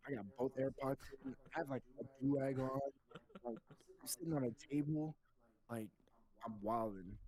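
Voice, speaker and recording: A young man co-hosting a casual podcast, telling a rambling, animated story and acting out shouted names. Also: mid-range voice, rough recording. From Texas. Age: young adult. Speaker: podcast co-host.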